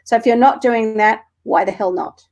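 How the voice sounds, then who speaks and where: A woman's voice: a little high, normal speed, a little mellow. A woman co-hosting a live stream and reading spiritual cards for viewers, earnest and emotional with the odd swear.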